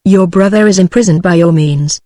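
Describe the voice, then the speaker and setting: A text-to-speech woman's voice with a British English accent reads the lines of a bitter, scheming male duke in a flat, even manner. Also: on the low side, a little fast, dry recording, lightly acted. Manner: flat, even synthetic reading.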